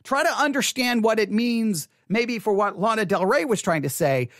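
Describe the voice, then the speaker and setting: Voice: mid-range voice, expressive, normal speed, no echo, clean studio sound. A speaker giving casual spoken commentary on an album, chatty and repetitive, often retelling their own reactions. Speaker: online commentator on faith and music.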